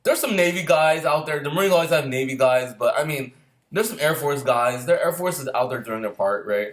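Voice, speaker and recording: Fast-talking man telling rough stories. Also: a little high, animated. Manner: rambling, laughs between lines, swears a lot. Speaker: storyteller recalling boot camp. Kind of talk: casual profane storytelling.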